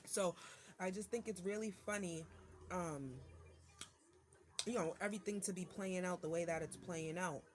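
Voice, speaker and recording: A woman's voice: on the low side, moderate pace, long pauses, noisy background. A mother venting to her viewers in a casual monologue, irritated and ranting, with many fillers and restarts.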